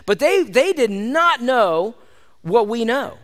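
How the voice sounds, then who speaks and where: A man preaching a sermon in an animated, conversational way, often addressing his listeners as "gang". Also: very high voice, takes it slowly. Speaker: pastor.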